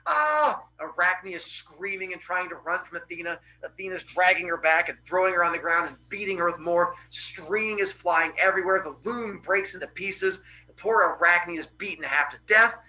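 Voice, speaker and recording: A man's voice: high-pitched, normal speed, hardly any pauses, pushed and bright, poor audio. A male teacher dramatically retelling a Greek myth to his class in a casual, playful way. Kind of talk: animated classroom storytelling.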